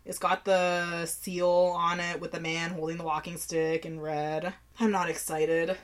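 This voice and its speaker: A woman's voice: lowish voice, flat delivery, a little slow. A young woman co-hosting a podcast, tasting beers and reading labels aloud with blunt, sarcastic remarks and lots of swearing. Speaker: podcast co-host. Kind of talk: casual chat, beer tasting.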